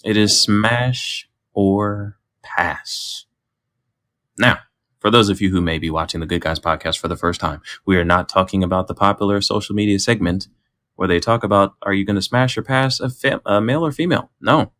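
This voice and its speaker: A man co-hosting a podcast, running segments in a playful, lively way. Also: low voice, quick pace, dry recording, studio quality. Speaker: podcast co-host. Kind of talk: casual chat.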